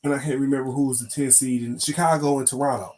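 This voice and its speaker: A man's voice: medium pitch, little pitch movement, fast talker, darkish tone. A man co-host explaining a sports schedule in casual chat, stopping and restarting as he goes. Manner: explains things with hesitant restarts.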